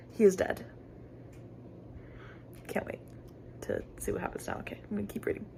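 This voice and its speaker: A young woman vlogging about a book she is reading, thinking aloud and reacting with giggles, gasps and sudden high exclamations. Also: animated, brisk, creaky, pauses often, darkish tone, a little hiss or hum. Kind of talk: casual reading vlog.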